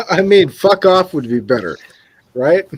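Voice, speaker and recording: A man's voice: on the high side, sing-song, a little slow, breathy edge, no room sound. A man in a casual livestream chat, laid-back and blunt, laughing often and swearing.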